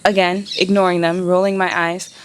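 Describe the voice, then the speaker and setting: A woman in a casual vlog, telling her story in an animated, indignant way and swearing freely. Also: lowish voice, moderate pace, slight background noise. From United States. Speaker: travel vlogger.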